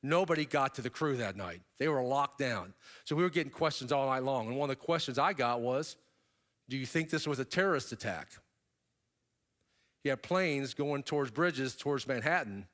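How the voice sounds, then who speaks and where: A middle-aged man giving a keynote talk, telling a story in a lively way and turning to the audience with casual asides. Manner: animated storyteller, pitch jumping up for emphasis. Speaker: keynote speaker. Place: stage before an audience.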